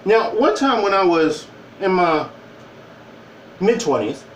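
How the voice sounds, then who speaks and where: Man, mid-forties, casual vlog storyteller, lively swooping pitch, recorded distant in an echoey room. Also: takes it slowly, a little hiss or hum. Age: 40s. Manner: animated, wry storytelling with quoted voices. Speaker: vlogger. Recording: roomy, distant from the mic.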